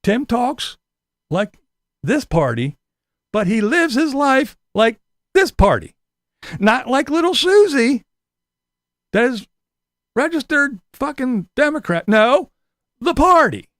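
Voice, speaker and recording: A man's voice: very high voice, very animated, slow, long pauses, fairly bright tone, no room sound, studio quality. A male vlogger delivering a profane, sarcastic, combative rant to camera. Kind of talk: ranting monologue to camera.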